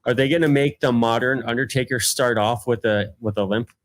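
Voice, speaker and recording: A man's voice: mid-range voice, a little fast, slight background noise. A man co-hosting a podcast, earnestly laying out his points in casual chat. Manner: earnest, making points at length. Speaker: podcast co-host.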